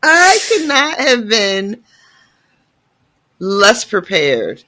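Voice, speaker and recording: A man hosting a casual podcast chat about a book, animated, dramatic and profane as he talks through each chapter. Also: high voice, extremely slow. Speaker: podcast host.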